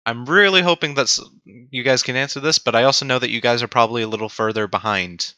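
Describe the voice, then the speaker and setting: A young man teaching a programming tutorial on a livestream, animated and self-mocking as he talks to his chat. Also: medium pitch, fast, smooth, no echo, muffled recording. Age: young adult. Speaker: teaching assistant.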